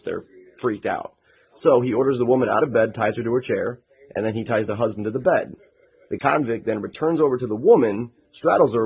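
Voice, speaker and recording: A man at a middling pitch tells a joke as story time. His narration stays calm and even throughout. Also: breathy edge, low-quality recording. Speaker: father telling a joke. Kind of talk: casual joke telling.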